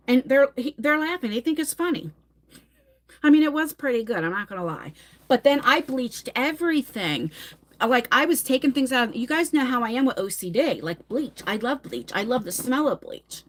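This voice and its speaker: Woman, forties, live-stream host, lively storyteller, slightly higher voice, casual cursing. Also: fairly quick. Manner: animated, dramatic storytelling, swears casually. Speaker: livestream host. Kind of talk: casual live-stream chat reading comments.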